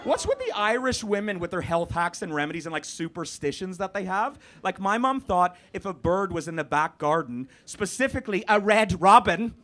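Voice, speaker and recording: A man from Canada doing animated, sweary stand-up comedy in a club. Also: high-pitched, moderate pace, hardly any pauses. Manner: animated, swearing, laughing with the crowd. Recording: live club recording with background noise.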